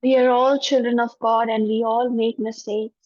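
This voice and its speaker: A woman with an Indian English accent, a spiritual teacher leading an online class and a guided forgiveness meditation in a gentle, soothing voice. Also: a little high, little pitch movement, no room sound. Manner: gentle, soothing, repeats phrases slowly. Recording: dull, dry lo-fi audio.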